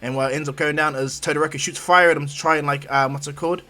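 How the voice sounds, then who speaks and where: A man's voice: fairly high pitch, fairly even intonation, quick pace, pushed and bright, faint music behind. A man casually retelling a fan-made story, rambling with many restarts and acting out the characters' lines.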